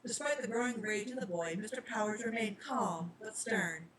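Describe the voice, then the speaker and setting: A woman reads a story aloud, her narration soft and plain, her pitch in a middle range. A faint hiss of noise runs under her voice. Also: normal speed, poor audio. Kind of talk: storybook reading.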